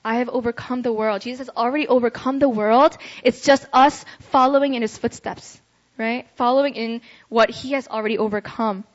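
A young adult woman preaching a casual sermon, chatty and conversational, often checking in with her listeners with a quick "right?". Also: fairly high pitch, fairly even intonation. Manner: chatty, ends phrases with "right?". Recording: dull lo-fi recording.

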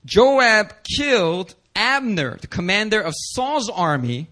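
A male pastor preaching a sermon, animated and casual, slipping into slang and acting out the characters in the passages. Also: slow pace. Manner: animated, acts out scripture voices with big pitch swings.

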